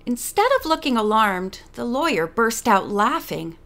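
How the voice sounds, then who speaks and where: A woman narrating a mystery novel for an audiobook in a steady storytelling manner. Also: fairly high pitch, a little slow, hardly any pauses. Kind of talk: scripted narration.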